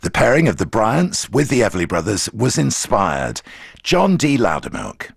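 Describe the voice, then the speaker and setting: A man presenting a radio music documentary in a measured, scripted storytelling manner. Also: fairly low pitch, wildly swooping pitch, vocal fry, slightly rough, dry recording, clean studio sound.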